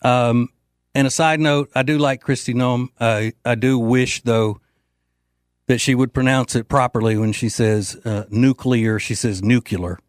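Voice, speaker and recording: A man's voice: mid-range voice, steady tone, unhurried, dry recording. A man hosting a political talk show, delivering a brash, joking, rambling monologue with frequent fillers into a studio microphone. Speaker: host.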